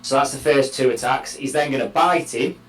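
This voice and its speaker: A man playing a tabletop game, counting out dice rolls slowly and deliberately, swearing now and then. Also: medium pitch, echoey room, low-quality recording. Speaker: player.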